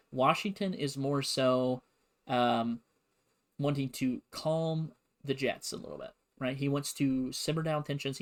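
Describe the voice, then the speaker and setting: Guy streaming a history lesson, chatty and rambly, mid pitch. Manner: conversational and digressive, with fillers.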